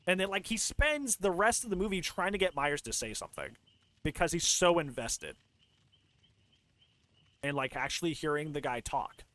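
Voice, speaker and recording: Animated ranting male streamer, lively pitch. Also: normal speed, long pauses, no room sound. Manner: animated, exasperated ranting with filler and restarts. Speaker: streamer reacting to a video. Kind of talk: casual reaction commentary.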